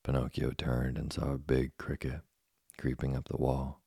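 A man with a husky, gravelly voice giving measured, scripted narration of a storybook. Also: a bass voice, monotone, mellow, no echo, clean studio sound. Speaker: audiobook narrator.

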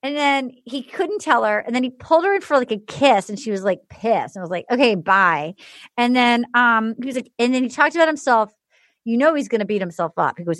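A woman podcast host recapping a reality show in casual chat, animated and laughing as she acts out quotes. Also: fairly high pitch, fairly quick, dry recording, studio quality.

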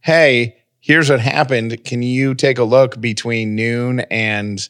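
A radio host chatting casually and telling a story with many restarts, nursing a lingering cough. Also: male voice, mid-range voice, fairly even intonation, slow, fairly bright tone, smooth, no echo, studio quality. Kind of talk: casual chat.

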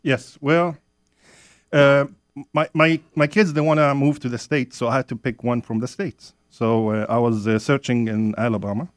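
A man's voice: medium pitch, fairly even intonation, moderate pace, no room sound, clean studio sound. A man from Jordan, chatting as a radio guest in slightly broken English, often laughing. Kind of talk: casual radio chat.

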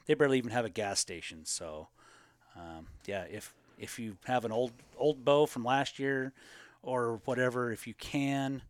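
A man co-hosting a casual live question-and-answer chat about elk hunting, talking in a relaxed, rambling way with plenty of fillers. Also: mid-range voice, moderate pace, no room sound.

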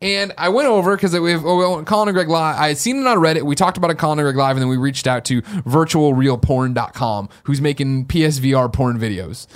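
A young adult man co-hosting a podcast, telling a story in excitable, animated casual chat. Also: on the high side, fast, few pauses. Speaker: podcast co-host.

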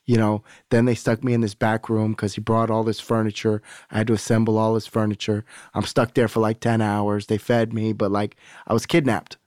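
Low-voiced man telling a raw story. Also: little pitch movement, a little fast, few pauses, a little mellow, dry recording, studio quality. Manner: candid, rambling, profane, acts out quoted dialogue. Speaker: podcast guest. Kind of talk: casual storytelling conversation.

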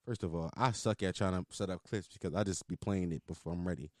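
Over loud music, a young man hosting a podcast talks quickly in a deep voice. He riffs through loose, profane, laughing comic commentary in a casual, animated way.

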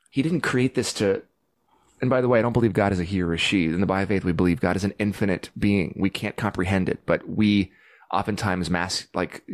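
A man in his forties speaks as a podcast guest, with a somewhat low voice. He talks earnestly and reflectively, leaning into heartfelt points and at times rising into loud pleading. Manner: earnest, reflective, bursts into loud pleading when recounting prayers. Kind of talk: heartfelt conversation.

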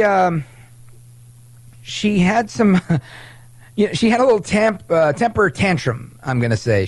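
A man with a fairly high voice hosts a political talk radio show. He is sarcastic and lively and trips over his words now and then. The studio mic sounds dry and close. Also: no room sound. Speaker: radio host.

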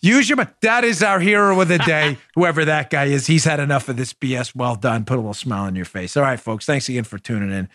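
A man's voice: medium pitch, fast, hardly any pauses, fairly bright tone, no room sound. Man, political talk host, emphatic, repetitive, exasperated tone, dry close studio mic. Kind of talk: impassioned political monologue.

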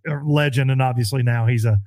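A man chatting on a podcast, telling a fishing story with lively acted-out quotes. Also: fast, no room sound, studio quality. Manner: animated storyteller, acts out quotes in a high voice. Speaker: pro bass angler. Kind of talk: casual podcast chat.

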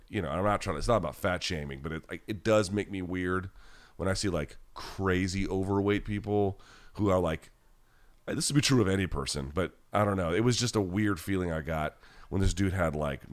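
A man hosting a podcast live chat, answering viewers in a blunt, rambling, casual way with many restarts. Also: low voice.

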